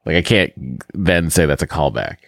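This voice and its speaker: A man's voice: extremely low pitch, lively intonation, normal speed, gravelly, fairly bright tone, no echo, clean studio sound. A man from the Boston area co-hosting a podcast in casual, rambling, self-mocking chat. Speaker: podcast co-host.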